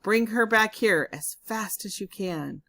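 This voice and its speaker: A woman reading a storybook aloud, voicing a bossy rich male farmer who barks orders loudly and schemes. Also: medium pitch, measured pace, dry recording, voice pushed up. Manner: loud, barking orders.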